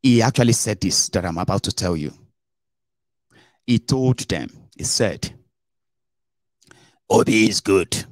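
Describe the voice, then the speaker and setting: A man giving casual, animated political commentary on his own channel, slipping into pidgin asides. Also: on the low side, unhurried, long pauses, dry recording, clean studio sound.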